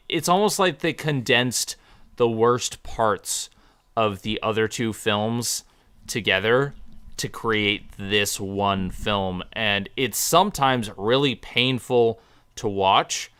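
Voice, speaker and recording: A young man co-hosting a casual film review chat, speaking in a measured, critical way. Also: medium pitch, a bit bright, clear, resonant tone, dry recording. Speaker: podcast co-host.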